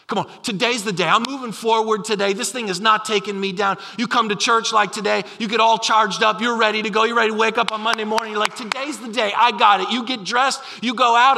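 Energetic preacher in a reverberant hall. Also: male voice, high-pitched. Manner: energetic, emphatic storytelling preacher. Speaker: pastor. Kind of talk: sermon. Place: church sanctuary.

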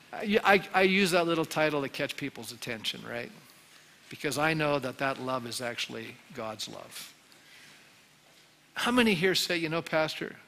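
A man preaching as a pastor, earnest and pleading, repeating phrases as he leads an altar call. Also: on the high side. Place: church sanctuary. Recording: loud music under the voice. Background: music.

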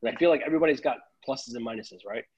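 A man's voice: mid-range voice, rapid-fire, a little mellow, husky, muffled recording. A man, a tailor chatting casually on a podcast, rambling and restarting his sentences.

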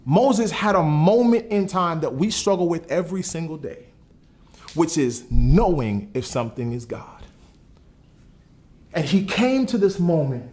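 A man's voice: on the high side, unhurried. A man preaching a sermon in a conversational way, asking his listeners questions and telling them to write things down. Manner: animated, conversational, asks the audience questions. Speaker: pastor.

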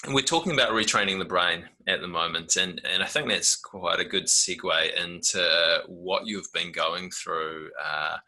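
A man hosting a relaxed interview, with a very low voice that has a strikingly bright, sharp edge. He feels his way into his questions, repeating words and adding ums as he goes. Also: a little slow, hardly any pauses, poor audio. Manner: hesitant, fills with repeats and ums. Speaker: podcast host.

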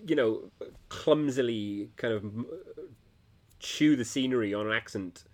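A British man co-hosting a casual chat show. He talks in a dry, sardonic way, now and then dropping a curse word. He sits at an average pitch for a man. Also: measured pace. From Britain. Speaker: podcast co-host.

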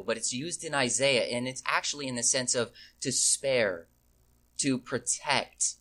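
A man's voice: mid-range voice, bright, forceful tone. A man reading scripture aloud and then explaining it verse by verse, emphatic and repeating key phrases for weight. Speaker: Bible teacher.

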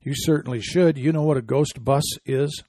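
A man's voice: medium pitch, moderate pace, dark tone, dry recording, clean studio sound. Indignant man hosting a commentary show. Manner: indignant, reading quotes then scoffing. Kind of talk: opinion commentary.

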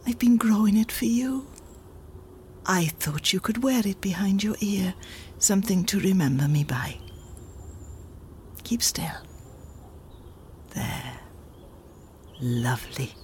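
Actress playing a dead mum, slow and mellow, soft whispery, faint ambience behind. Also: female voice, lowish voice, very animated, slight background noise. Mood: tender. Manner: soft, often whispered, lingering. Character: dead mother, gentle and wistful, speaking to her grown daughter.

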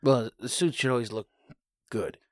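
A man's voice: mid-range voice, moderate pace, dry recording, studio quality, lightly acted. A man playing a vain, flustered doctor hosting a podcast, bickering defensively. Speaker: podcast host in character. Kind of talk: improvised comedy podcast.

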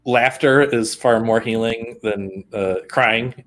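A man co-hosting a casual conversation, relaxed and hesitant, with many fillers and frequent laughter. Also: medium pitch, takes it slowly, a little hiss or hum. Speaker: podcast co-host.

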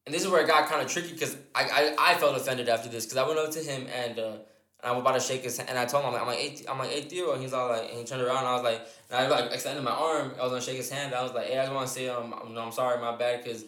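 Young man, podcast co-host, rambling storyteller, swears a lot, fast talker, echoey room. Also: mid-range voice, fairly even intonation, pushed and bright. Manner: rambling, profane, many restarts and fillers. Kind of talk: casual storytelling chat.

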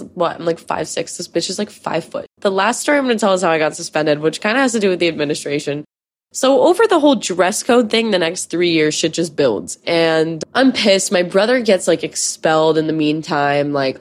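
A woman in her twenties telling candid, profane stories as a podcast host in casual chat. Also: low voice. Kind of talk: casual storytelling.

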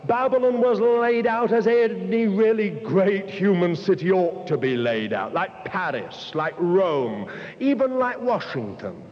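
A man's voice: high voice, big pitch swings, unhurried. A man preaching a sermon, speaking to his listeners directly and building long repeated lists. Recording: dull, echoey hall recording.

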